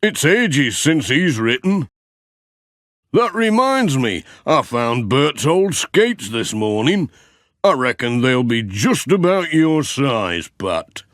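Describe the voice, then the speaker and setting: A man's voice: mid-range voice, sing-song, slow, fairly bright tone, no room sound, clean studio sound. A man reading aloud and voicing an easygoing, homely older village handyman.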